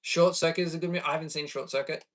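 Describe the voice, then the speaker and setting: A man's voice: a little high, fairly even intonation, racing, recorded from a distance. A man chatting casually on a live stream, reacting to chat and laughing easily. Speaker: livestreamer.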